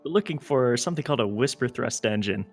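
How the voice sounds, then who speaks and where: A man's voice: mid-range voice, lively intonation, quick pace, faint music behind. A man playing in a tabletop game, easygoing, laughing often. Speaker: player. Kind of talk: casual tabletop play.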